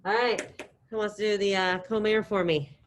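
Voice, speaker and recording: A middle-aged woman teaching a high school Spanish class, leading drills in a chatty, encouraging way. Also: steady tone, normal speed, a little hiss or hum, rough recording. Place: classroom with students present and online.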